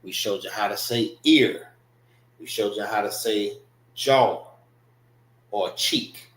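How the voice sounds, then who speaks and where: An American man teaching a Hebrew class, slowly drilling pronunciation and checking in with "all right" and "know what I mean". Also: lowish voice, echoey room, poor audio. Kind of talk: classroom language lesson.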